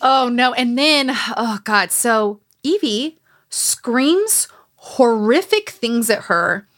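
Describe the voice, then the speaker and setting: Woman, podcast host, casual chat, animated storyteller, acts out quotes, swears freely, slightly high voice. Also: takes it slowly. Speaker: podcast host recapping a memoir.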